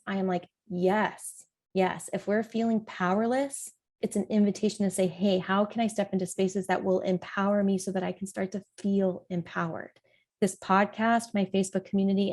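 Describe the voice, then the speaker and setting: Middle-aged woman doing a solo parenting podcast, earnest and encouraging, voice not high or low. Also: a little mellow. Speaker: parent coach and podcast host.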